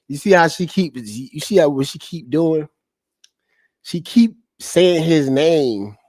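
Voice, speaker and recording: A man's voice: medium pitch, dark tone, no echo. Laid-back slangy man on a dry mic. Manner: loose, repetitive, slangy and profane. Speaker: online commentary host. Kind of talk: casual livestream commentary. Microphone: streaming setup mic.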